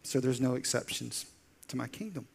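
With a husky, mid-range voice carrying vocal fry, a pastor preaches at a moderate pace. He acts out quotes energetically as he tells the story and turns quiet and intense at points.

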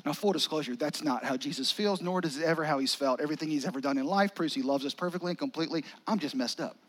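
High-voiced preacher with dramatic pauses. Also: male voice, a bit bright, a little hiss or hum. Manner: conversational, dramatic pauses, drops to a near whisper. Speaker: pastor. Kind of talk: sermon.

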